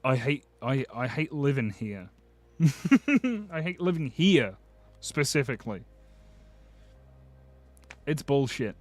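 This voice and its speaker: A man's voice: medium pitch, animated, takes it slowly, pauses often, dry recording. Blunt, sardonic man streamer swearing freely. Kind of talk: casual live-stream chat answering viewers.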